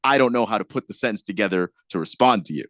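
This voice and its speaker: A man's voice: on the low side, lively intonation, fast talker, a bit bright, dry recording, clean studio sound. A man co-hosting a casual sports radio show. He laughs often and stumbles over his restarts.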